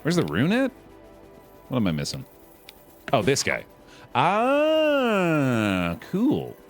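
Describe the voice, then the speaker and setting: A young man casually commenting on a card game on a live stream, chatty and relaxed, calling his chat dude and bud. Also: medium pitch, slow, soft background music.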